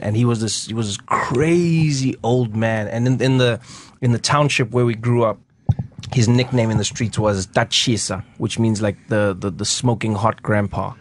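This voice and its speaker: A South African man chatting on a talk show, mid-pitched and easygoing. He tells stories with lively energy, laughs along the way and acts out the voices of the people in them. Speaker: guest comedian. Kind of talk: casual storytelling on a talk show.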